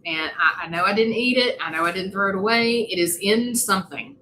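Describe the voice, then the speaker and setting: A woman, co-hosting a podcast and telling an animated, funny story in casual chat. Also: medium pitch, brisk, a little hiss or hum, poor audio. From West Virginia. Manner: animated, laughing, mimics voices in her stories. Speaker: podcast co-host.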